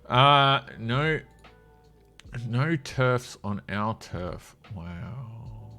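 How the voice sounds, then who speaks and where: A man's voice: lowish voice, expressive, takes it slowly, pushed and bright. Sarcastic man, faint music. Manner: sarcastic and mocking, laughs often. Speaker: commentator reading social media. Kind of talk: casual commentary on a feed.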